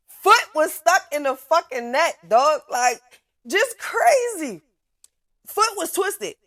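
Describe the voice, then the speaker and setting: Animated, profane woman telling a story. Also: sits high, slow pace, pauses often, no echo, clean studio sound. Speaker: podcast host. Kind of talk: casual storytelling.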